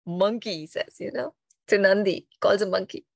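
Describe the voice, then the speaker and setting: A woman telling a religious story in a lively, conversational way, often checking in with her listeners. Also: mid-range voice, a little fast, vocal fry, dry recording, lo-fi sound. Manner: animated, conversational, frequent "right?" tags. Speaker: spiritual storyteller. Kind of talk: storytelling talk on mythology.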